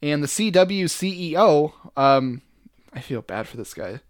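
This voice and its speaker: A man's voice: on the high side, lively intonation, unhurried, dry recording, studio quality. A young man co-hosting a podcast, talking in a joking, rambling way with many fillers. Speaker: podcast co-host. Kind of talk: casual chat.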